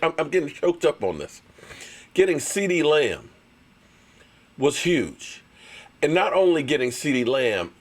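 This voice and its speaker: Male sports stream host, argumentative and animated, lively delivery. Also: medium pitch. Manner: animated, argumentative, reads super chats. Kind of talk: live-streamed sports rant.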